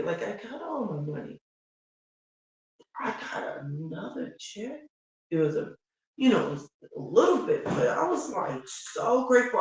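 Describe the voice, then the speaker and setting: Animated woman vlogger, slow and roomy. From Chicago. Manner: animated storytelling, quick pitch swings, laughs often. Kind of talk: casual chat reading viewer comments. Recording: roomy and distant from the mic.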